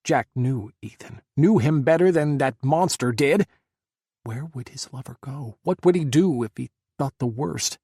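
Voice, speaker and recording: A man narrating an audiobook in a measured, dramatic way. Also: mid-range voice, animated, dark tone, husky, dry recording, clean studio sound. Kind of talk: scripted narration.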